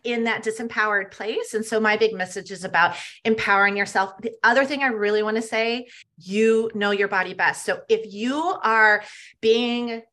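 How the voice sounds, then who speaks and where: A woman's voice: medium pitch, steady tone, moderate pace, pushed and bright. A middle-aged woman, a health coach, speaking earnestly and emphatically as a podcast guest and often adding "right?". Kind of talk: podcast interview.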